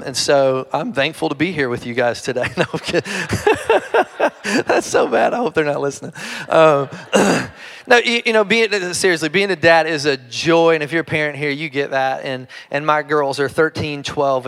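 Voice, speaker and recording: A middle-aged man with a Kentucky accent preaching a conversational sermon to a congregation, chatty and self-deprecating, with frequent restarts and a hushed tone when he prays. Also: on the high side, smooth. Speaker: pastor. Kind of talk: conversational sermon with humorous stories. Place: church service before a live congregation.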